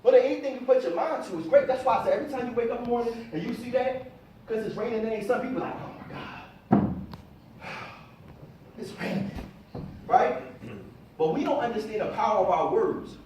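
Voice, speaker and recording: A middle-aged man giving an animated motivational talk to a live audience and calling on them to answer. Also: extremely high pitch, fast, background noise. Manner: animated, calls on the audience for responses. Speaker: motivational speaker. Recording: echoey room, voice from a distance.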